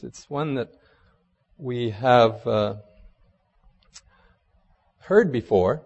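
A man's voice: medium pitch, darkish tone. A male pastor speaks in a plain, mid-range voice, hesitant and informal between his thoughts. He reads aloud and preaches to a seated congregation. A long church reverb follows each phrase. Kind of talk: sermon with storybook reading.

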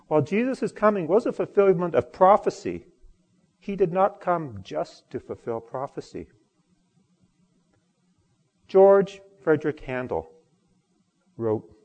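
Husky pastor preaching in a reverberant hall. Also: male voice, medium pitch, unhurried, long pauses. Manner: expressive, swings from loud emphasis to quiet. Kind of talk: sermon.

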